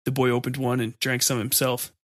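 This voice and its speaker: A man narrates a horror story in a steady, measured voice. His pitch sits in the middle range. The recording is dry and close with no room sound. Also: no echo.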